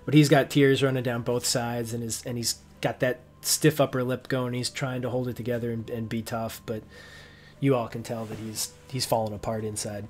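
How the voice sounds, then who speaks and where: A man's voice: mid-range voice, flat delivery, moderate pace. A man narrating as game master of a tabletop game, rambling with many restarts and fillers.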